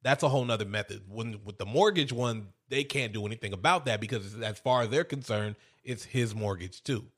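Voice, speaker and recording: A man's voice: lowish voice, brisk, hardly any pauses. A man in casual chat, retelling a show's scenes and swearing freely. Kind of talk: casual chat recapping a show.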